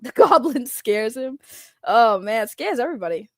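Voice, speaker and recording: A woman's voice: a little high, very animated, dry recording. A woman streamer chatting casually and joking with her chat, her throat sore from straining her voice. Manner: loose, joking, quick to laugh.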